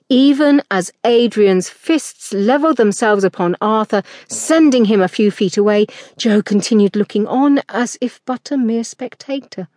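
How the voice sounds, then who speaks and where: A woman narrating a historical romance audiobook in a measured, expressive reading. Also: medium pitch, no echo, studio quality.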